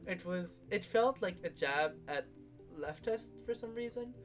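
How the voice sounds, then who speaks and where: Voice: mid-range voice, lively intonation, a little slow, soft background music. A host casually recapping and critiquing a series, talking in a rambling way with lots of fillers and strong opinions. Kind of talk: casual video discussion.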